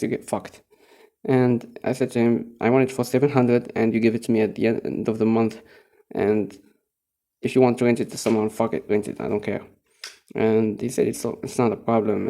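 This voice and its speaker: Gravelly, profane young man from Morocco. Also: mid-range voice, dark tone. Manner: rambling, profane, chuckling storyteller. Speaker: teacher. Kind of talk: casual spoken diary monologue.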